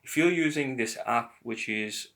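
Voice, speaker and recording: Slow, gravelly man teaching. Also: mid-range voice, fairly bright tone. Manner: slow, patient explaining with drawn-out words. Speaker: language teacher. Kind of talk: beginner language lesson.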